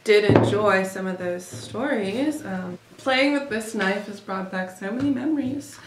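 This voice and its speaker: A woman's voice: mid-range voice, measured pace, very noisy. A young woman vlogging a casual storytime, rambling with lots of "like" and swearing when she gets heated. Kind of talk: storytime vlog. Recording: roomy echo.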